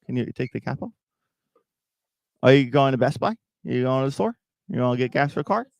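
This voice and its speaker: With a gravelly, mid-range voice and lively intonation, this man speaks a little fast. He hosts a crypto livestream on YouTube, addressing his viewers in loose, rambling talk and repeatedly restarting and repeating himself. Studio-quality audio, no echo.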